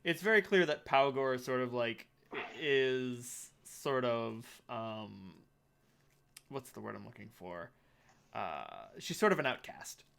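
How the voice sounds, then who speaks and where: A man running a tabletop game as game master, talking haltingly with many fillers and restarts, breaking into high shrill voices for the characters. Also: animated, creaky, a bit bright, clear, resonant tone.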